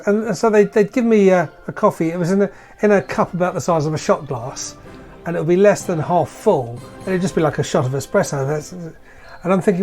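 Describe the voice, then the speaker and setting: A man's voice: high voice, a little fast, darkish tone, faint music behind. A British man telling rambling, self-mocking anecdotes in a casual chat among players.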